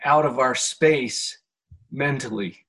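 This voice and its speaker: A man hosting a podcast conversation, speaking in a slow, reflective coaching manner. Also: medium pitch, fairly bright tone. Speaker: podcast host. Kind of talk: conversational interview.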